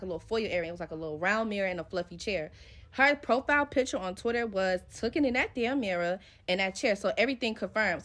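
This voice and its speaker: A woman's voice: on the high side, a bit bright. Young woman telling a profane storytime. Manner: profane, slangy, retells scenes with quoted dialogue. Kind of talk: casual storytime monologue.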